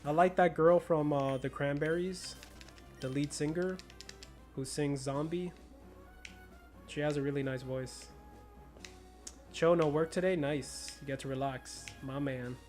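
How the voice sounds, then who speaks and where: A man's voice: a little high, fairly even intonation, unhurried, pauses often, darkish tone, soft background music. A young American man with a slight Spanish-influenced accent, chatting casually and laughing while streaming a game. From United States. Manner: laid-back, slangy, laughs often. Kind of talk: casual chat while gaming.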